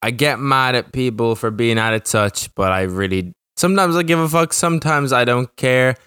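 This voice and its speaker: Young adult male podcast host, casual rambling monologue with swearing, smooth clear voice, dry close sound. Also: mid-range voice, expressive, normal speed, fairly bright tone, no echo. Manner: rambling, profane, restarts sentences.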